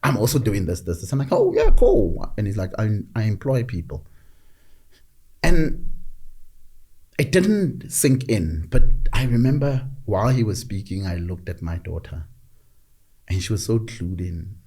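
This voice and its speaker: A middle-aged man telling stories in a reflective conversation, measured and often repeating words as he gathers his thoughts. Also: fairly low pitch, animated, darkish tone, breathy edge. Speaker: podcast guest.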